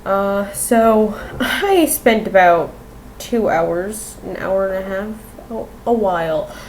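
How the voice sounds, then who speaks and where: Woman vlogger, chatty and rambling, mid-pitched, faint hiss behind her. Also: darkish tone, poor audio. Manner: chatty, rambling, swears and laughs easily. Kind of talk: casual rambling vlog. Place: room at home.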